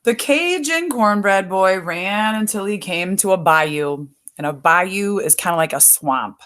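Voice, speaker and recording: A woman reading a picture book aloud as a storyteller, pausing to add explanatory asides for listeners. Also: mid-range voice, animated, a bit bright.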